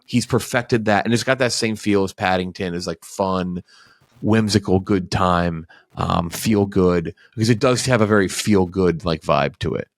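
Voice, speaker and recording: A man's voice: low-pitched, moderate pace, dry recording, clean studio sound. A man hosting a film podcast, rambling casually with many fillers, restarts and casual swearing. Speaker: podcast host. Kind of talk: casual chat.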